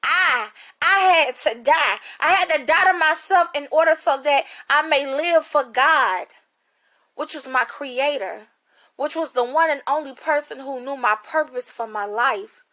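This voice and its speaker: A woman's voice: high voice, a little slow, pushed and bright. A woman giving an emotional spoken testimony like a sermon, repeating phrases and restarting with stammers. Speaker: ministry speaker.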